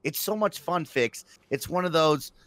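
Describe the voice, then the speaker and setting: A man's voice: fairly high pitch, animated, moderate pace, a bit bright, dry recording. A man co-hosting a casual gaming podcast chat, who speaks in an easygoing, enthusiastic way. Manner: easygoing, enthusiastic gamer talk. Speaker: podcast co-host.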